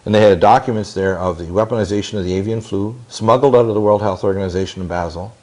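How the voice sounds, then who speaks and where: A lowish, slightly mellow voice belongs to a fast-talking man in his sixties. Sitting for an interview, he tells long stories intensely and ramblingly, with many restarts and quoted exchanges.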